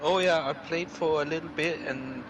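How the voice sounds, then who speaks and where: A man chatting with a streamer over an online voice chat, talking in a slow, hesitant, laid-back way. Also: a little high, fairly even intonation, heavy background noise. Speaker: friend on voice chat. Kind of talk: casual voice chat. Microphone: headset over online party chat.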